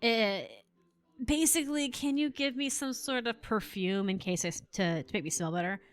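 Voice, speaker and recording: A woman's voice: on the high side, normal speed, clean tone, lightly acted. A woman voicing a worried, sweaty shop customer in a game, reading the lines plainly. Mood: fretful.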